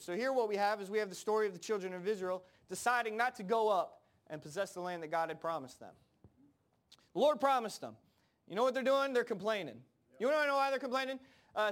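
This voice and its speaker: A man with a high-pitched voice preaches in a loose, conversational sermon. He slips into casual voices for Bible characters and often repeats words as he builds a point. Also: expressive, normal speed, fairly bright tone. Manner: repeats words and phrases, frequent fillers.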